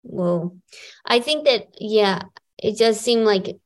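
A woman's voice: mid-range voice, lively intonation, slow, rough recording. A woman hosting a comedy game show over the phone, dry and playful as she runs the games. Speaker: host. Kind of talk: casual comedy podcast hosting.

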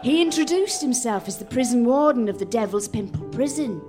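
Woman telling an absurd story deadpan. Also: fairly high pitch, fairly quick, over music. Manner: deadpan, absurd comic narration. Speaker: comedian narrator. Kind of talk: live comic storytelling. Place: live stage at a festival.

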